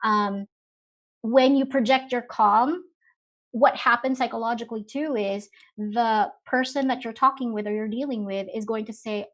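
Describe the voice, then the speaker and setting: A woman's voice: a little high, steady tone, moderate pace. A woman speaking on a live webinar, talking in a conversational way with many fillers and rhetorical questions. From Philippines.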